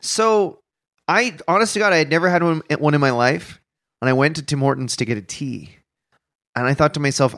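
Excitable young man with a strained voice. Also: a little high, brisk. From Canada. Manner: rambling, animated, laughs a lot. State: voice sounds unusual, strained. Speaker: podcast co-host. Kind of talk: casual comedic chat.

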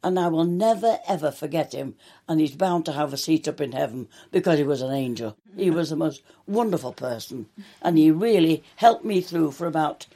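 Older woman, mellow-toned, chatty storyteller telling showbiz anecdotes in an interview. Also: sits low, lively intonation, moderate pace. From England. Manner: chatty, warm anecdotes with quoted dialogue. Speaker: soap actress. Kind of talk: reminiscing interview.

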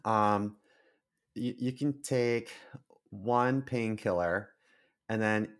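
A man's voice: fairly low pitch, extremely slow. A man co-hosting a podcast, chatting casually and candidly over a remote call, full of fillers and restarts. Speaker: podcast co-host. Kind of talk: casual chat.

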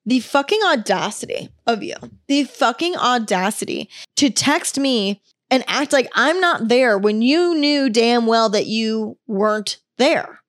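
A woman's voice: fairly high pitch, animated, measured pace, dry recording, studio quality. A young woman hosting a solo podcast, telling a story in a candid, exasperated way and swearing freely. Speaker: podcast host.

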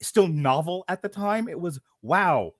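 A man co-hosting a casual film review podcast, animated, laughing often and swearing freely. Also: a little high, moderate pace, no room sound, studio quality. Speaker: podcast co-host.

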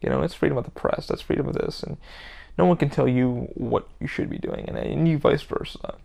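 A man's voice: medium pitch, a little fast, gravelly, warm tone. A man hosting a podcast, talking candidly in a rambling monologue full of cursing. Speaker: podcast host. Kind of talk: casual personal monologue.

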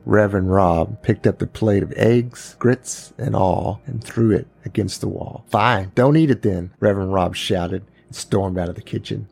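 A man narrating a true crime family story as a podcast host, unhurried and pausing, now and then voicing the people in it. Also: fairly low pitch, creaky, darkish tone.

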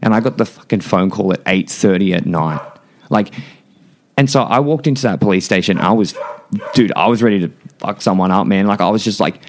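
Deep-voiced blunt young man. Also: a little fast. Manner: blunt, heavy swearing and filler words. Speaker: podcast guest. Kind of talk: casual conversational storytelling.

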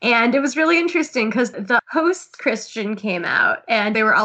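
A woman's voice: on the high side, fairly quick, few pauses, bright, forceful tone. A woman co-hosting a podcast, telling stories in casual chat. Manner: chatty storyteller, laughs while recounting. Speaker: podcast co-host.

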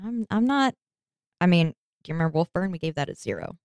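A woman's voice: lowish voice, lively intonation, quick pace, darkish tone, no echo, clean studio sound. A woman co-hosting a casual podcast, playful, laughing and frank. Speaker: podcast co-host. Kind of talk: casual chat.

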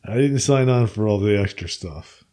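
A man's voice: fairly low pitch, expressive, moderate pace, dark tone. A man chatting casually and joking. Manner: joking, laughing. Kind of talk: casual chat.

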